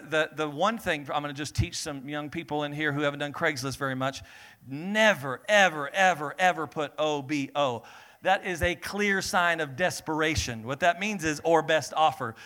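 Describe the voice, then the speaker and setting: A man's voice: a little high, moderate pace. A man preaching a sermon, reading scripture aloud with commentary and calling on the congregation to respond. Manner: energetic, builds to emphatic peaks, calls on the congregation to respond. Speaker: pastor. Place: church service with congregation.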